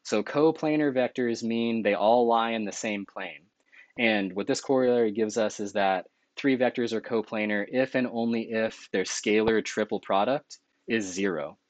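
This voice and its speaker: A man with a low voice walks through a math lecture in an easygoing, conversational way, sometimes stopping to correct himself. The sound is dry and close, with no room echo. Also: normal speed. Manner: relaxed and conversational, with small self-corrections.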